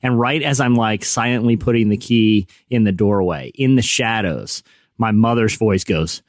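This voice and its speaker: A man's voice: lowish voice, normal speed, no room sound, studio quality. A male podcast co-host in casual chat, telling boastful, playful stories.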